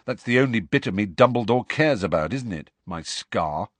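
Man voicing a moody teen boy, low, flat, irritable, husky, dry sound. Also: normal speed, dry recording. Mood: bitter.

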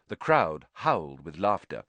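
Male audiobook narrator, animated and bright, dry studio read. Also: sits low, measured pace, no echo. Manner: expressive, animated storytelling. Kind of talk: storybook narration.

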